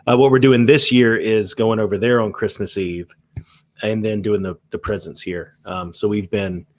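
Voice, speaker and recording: Easygoing American co-host, low voice. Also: male voice, steady tone, normal speed, darkish tone. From United States. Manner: easygoing, brief replies with fillers. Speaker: podcast co-host. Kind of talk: casual chat.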